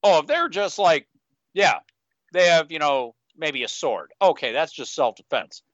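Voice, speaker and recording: A man co-hosting a casual podcast, rambling and slipping into quick in-character asides. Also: a little high, expressive, fairly bright tone, no room sound. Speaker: podcast co-host. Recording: dull, slightly lo-fi, dry sound.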